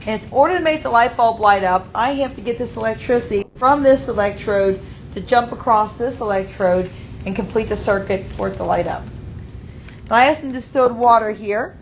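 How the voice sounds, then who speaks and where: A woman's voice: on the high side, moderate pace, a little hiss or hum. A woman teaching a chemistry class, explaining step by step and often checking in with the students. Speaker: high school chemistry teacher. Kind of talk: classroom lecture. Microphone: auto-tracking camera mic. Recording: slightly muffled classroom recording.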